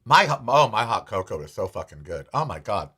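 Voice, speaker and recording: A man's voice: fairly low pitch, big pitch swings, a little fast, background noise. A man hosting his own show, giving blunt, sarcastic political commentary and swearing freely. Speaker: podcast host.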